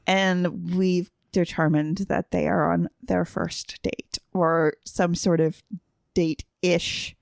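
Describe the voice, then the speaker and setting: A woman's voice: lowish voice, flat delivery, slow, creaky, no echo, studio quality. A woman on a podcast, telling a travel story in a casual, chatty way, laughing often. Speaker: podcast guest. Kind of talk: casual chat.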